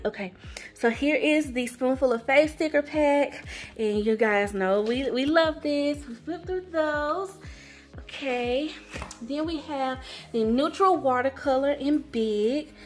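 A young woman vlogger gushing through an excited unboxing chat, repeating her words and calling out to her viewers. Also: sits high. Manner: gushing, repeats words, says y'all a lot. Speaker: planner vlogger.

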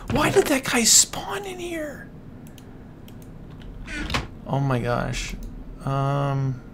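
A male gaming channel host with a medium-pitched, slightly bright voice comments casually while playing. He sounds dismayed, often exclaiming and muttering to himself, and there's slight background noise.

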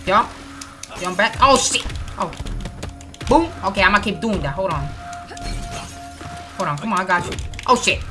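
Woman host for let's play commentary: excitable, slangy, taunting, animated pitch, over game music. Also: normal speed, pauses often. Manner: excitable trash-talking, shouts taunts at enemies; slangy, swears often. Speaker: gaming channel host.

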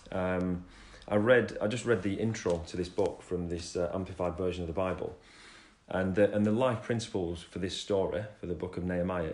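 A man talks through a faith testimony in a low voice, wandering from thought to thought and stopping himself mid-sentence. Between stories he reads passages aloud. The sound is roomy and echoey, as if he is in a bare room at home. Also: a little mellow. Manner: rambling, self-interrupting, reads scripture aloud. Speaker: Christian speaker sharing testimony. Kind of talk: casual religious livestream talk.

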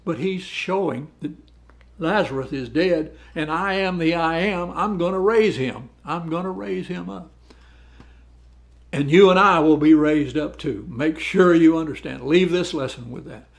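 Guy giving a bible study, voice a bit on the high side, reads verses then chats about them, stumbles and repeats words. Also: measured pace, vocal fry. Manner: conversational, repeats words while explaining. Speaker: Bible teacher.

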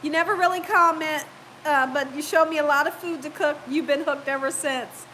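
A woman's voice: high-pitched, fairly even intonation, slight background noise, poor audio. A woman hosting a casual live cooking stream, chatting and laughing as she reads viewer comments aloud, with a lingering cough. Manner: chatty, warm-hearted, quick to laugh. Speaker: cooking channel host.

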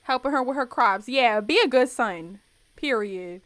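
A young woman casually commenting on her life-sim game for viewers, animated, laughing and slangy. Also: fairly high pitch, measured pace. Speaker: let's play host.

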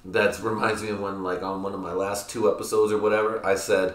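Swearing podcast host in an echoey room. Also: male voice, fairly low pitch, little pitch movement, fairly quick, hardly any pauses, slight background noise. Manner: rambling, swears a lot, laughs at his own jokes. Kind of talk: casual profane chat. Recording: roomy echo.

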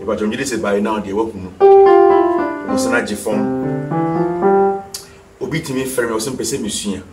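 A man's voice: lowish voice, moderate pace, far from the mic. Ghanaian man teaching piano, roomy sound. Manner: repeats key terms and quizzes the viewer. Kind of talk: TV music lesson, mixing English and Twi. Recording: echoey room, voice from off the mic. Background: piano notes.

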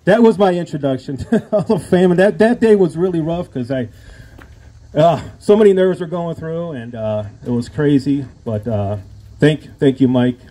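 A man's voice: a little high, moderate pace, dark tone, slight background noise. A man telling a rambling, self-deprecating story in an acceptance speech at a hall of fame induction. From Illinois.

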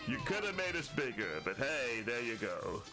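Animated, sweary man streaming. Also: medium pitch, normal speed, music in the background. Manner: jokey, sweary, laughs often. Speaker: game streamer. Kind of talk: casual let's play commentary.

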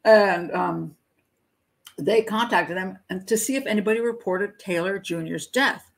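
A woman's voice: medium pitch, unhurried, creaky, rough recording. Middle-aged woman reading crime news. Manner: reads news aloud with stumbles and asides; breaks into nervous laughter at grim details. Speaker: host of a crime profiling show. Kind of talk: live patron hangout commentary.

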